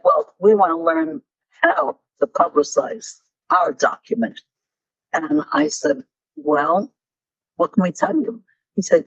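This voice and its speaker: This older guest speaker animatedly recounts anecdotes during a Q&A session, performing the dialogue of the characters involved. Her voice is on the low side with a breathy edge. The recording is dry, dull and lo-fi.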